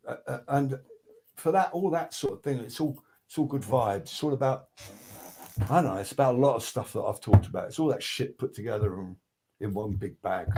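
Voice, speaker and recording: An older man, telling studio stories in a rambling, profane, casual way on a video call. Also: medium pitch. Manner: rambling, profane, restarts a lot, animated quoting. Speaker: guest record producer. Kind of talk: casual storytelling interview.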